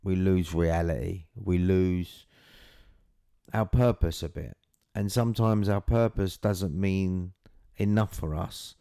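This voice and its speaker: Middle-aged man, very low voice, dark and mellow tone, dry close sound, candid and frank, casual swearing. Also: slow pace, vocal fry, clean tone, dry recording. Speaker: father telling his story. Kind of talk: candid personal storytelling.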